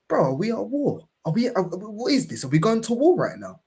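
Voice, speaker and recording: Husky London man ranting about manhood. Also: sits high, huge pitch swings, fairly quick, mellow. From England. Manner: impassioned, swearing, repeats "bro". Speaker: fan channel host. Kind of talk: casual podcast chat.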